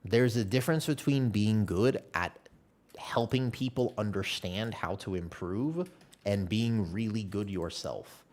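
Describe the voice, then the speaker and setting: A man live streaming a game, telling a long story in a casual, animated way with many restarts. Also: lowish voice, measured pace. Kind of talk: casual chat while playing a game.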